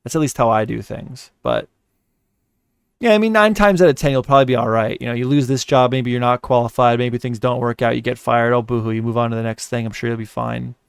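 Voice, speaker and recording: Blunt, rambling man with a smooth voice. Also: mid-range voice, brisk, dry recording, clean studio sound. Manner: rambling, profane storytelling; blunt, offhand advice. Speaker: livestream host. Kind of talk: casual livestream chat.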